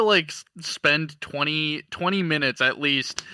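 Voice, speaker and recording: Bright, laughing podcast guy. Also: a little high, clear, resonant tone, dry recording. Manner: laughing, stammering, quick restarts. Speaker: podcast co-host. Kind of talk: casual chat.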